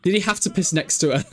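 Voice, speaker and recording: Brief: young male streamer, raised voice, animated and giggly, bossing his game characters around. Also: sits high, slightly rough. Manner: excitable, laughing often, shouting at game characters. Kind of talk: casual game commentary. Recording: faint music behind.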